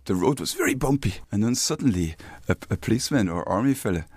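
A man's voice: lowish voice, big pitch swings, quick pace, a little mellow, husky, dry recording, studio quality. A German man in his fifties with a German accent, chatting as an interview guest, friendly and thoughtful, repeating words as he searches for them. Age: 50s. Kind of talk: casual interview chat.

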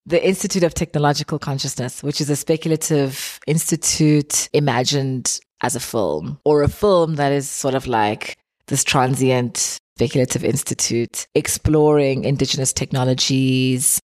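A woman from South Africa, a guest artist, answering interview questions in a thoughtful, measured way with pauses. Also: extremely low pitch, darkish tone, no room sound, clean studio sound.

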